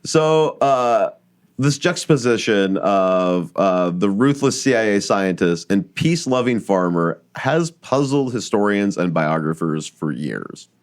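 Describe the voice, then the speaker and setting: A man's voice: fairly low pitch, lively intonation, measured pace. A man hosting a casual podcast, telling a researched story in a chatty way with frequent fillers. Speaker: podcast host.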